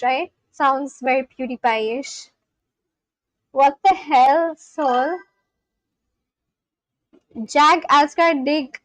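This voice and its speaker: A woman's voice: high-pitched, a bit bright, dry recording, rough recording. A woman hosting a casual live stream, chatting with viewers, reading out their messages and laughing often. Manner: chatty, reads out and answers chat, laughs often.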